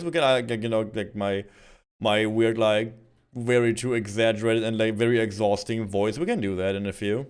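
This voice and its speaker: A man's voice: fairly low pitch, normal speed, smooth. A man giving casual live-stream gaming commentary, rambling with lots of fillers. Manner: rambling, filler-heavy, animated.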